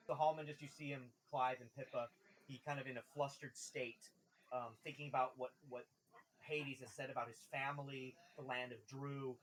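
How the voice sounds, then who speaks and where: A man's voice: mid-range voice, level tone, moderate pace, fairly bright tone, a little hiss or hum, rough recording. A man narrating a tabletop game as game master in a loose, casual way, often laughing.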